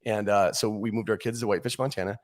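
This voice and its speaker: A man in his forties, a podcast guest telling rambling stories in casual chat, with frequent restarts. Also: lowish voice. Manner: animated rambling storyteller, quick restarts.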